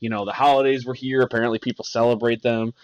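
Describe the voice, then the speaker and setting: A man's voice: medium pitch, little pitch movement, quick pace, darkish tone, smooth, lo-fi sound. A young man hosting a podcast in a casual, jokey chat, rambling and laughing often as he talks. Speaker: podcast host.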